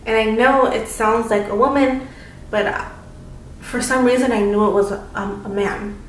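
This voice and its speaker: A woman's voice: fairly high pitch, fairly even intonation, moderate pace. A young adult woman vlogger telling a story casually and dramatically, with lots of fillers. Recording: roomy, distant mic, faint noise.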